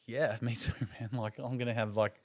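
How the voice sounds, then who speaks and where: A man's voice: medium pitch, normal speed. An Australian man in his thirties, hosting a casual podcast and telling funny stories, acting out the voices of the people in them. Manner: animated storyteller, acts out voices. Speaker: podcast host. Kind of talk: casual chat.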